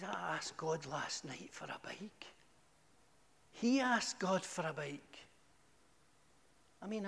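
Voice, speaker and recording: A middle-aged man giving a humorous, animated testimony to a church, with sudden high exclamations. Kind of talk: storytelling testimony. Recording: echoey hall.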